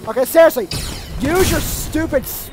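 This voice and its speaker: A man commentating his own gameplay, cursing often and yelling at enemies in frustration. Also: very high-pitched, moderate pace, over loud music, rough recording. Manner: frustrated, swearing, yells at enemies. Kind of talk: let's play commentary.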